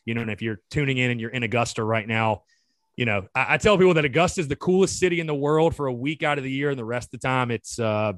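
A man, hosting a podcast in a relaxed, casual chat and often repeating his words. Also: medium pitch, quick pace, dry recording. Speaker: podcast host.

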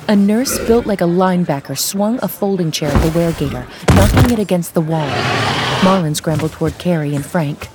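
A woman narrating a story in a steady, measured storytelling manner. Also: lowish voice, heavy background noise. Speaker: audiobook narrator. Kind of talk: scripted narration.

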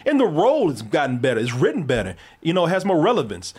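A man hosting a podcast, chatting casually about a movie, animated and profane, laughing often. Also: a little high, fast talker, breathy edge. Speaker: podcast host. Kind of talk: casual movie review chat.

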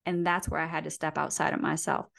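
A woman's voice: low voice, level tone, fast talker, vocal fry, fairly bright tone. A woman guest on a podcast, talking in a coaching, motivational way with frequent "right?" and "you know". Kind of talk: motivational conversation.

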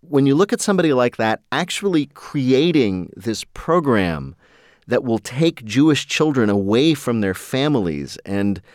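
A man hosting an interview podcast, guiding the talk with quick joking asides. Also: on the low side, darkish tone, no room sound, studio quality. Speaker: podcast host. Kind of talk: interview conversation.

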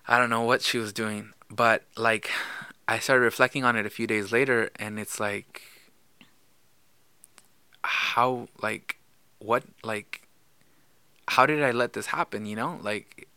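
Young male podcast co-host, very bright, smooth voice, dry close sound; chatty storyteller. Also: on the low side, fairly even intonation, unhurried, long pauses, dry recording. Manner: storytelling, many fillers and restarts. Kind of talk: casual chat.

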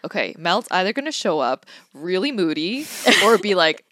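A young woman with a lowish voice chats on a podcast, her pitch swinging widely as she mimics friends and laughs between phrases. The sound is dry and close, with no room echo. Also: normal speed. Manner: expressive, laughs while she talks, mimics others. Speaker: podcast co-host. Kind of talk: casual chat.

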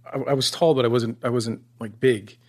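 A man guesting on a podcast, recalling a story in a relaxed, halting way and laughing easily. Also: medium pitch. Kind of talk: casual chat.

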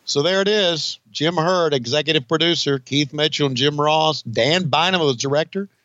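A man's voice: a little high, normal speed, bright, forceful tone, no room sound, highs cut off. An older man co-hosting a podcast, wry and profane, sighing between remarks. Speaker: podcast co-host, former commentator. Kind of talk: casual podcast banter over archive footage.

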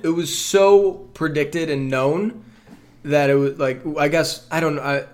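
A man hosting a sports podcast, steady and measured as he lays out the show's plan. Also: a little high. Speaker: podcast host.

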